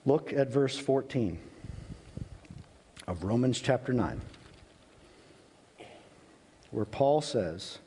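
A male pastor preaching a sermon in an earnest, emphatic way, with long pauses. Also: mid-range voice, animated, warm tone, a little hiss or hum. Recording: reverberant hall.

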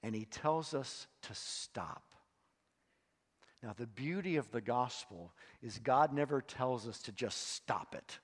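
Slow, dramatic male preacher in a reverberant hall. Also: mid-range voice, slightly rough. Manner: slow, dramatic preaching with loud emphatic swells and hushed drops. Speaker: pastor. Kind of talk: sermon. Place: church sanctuary.

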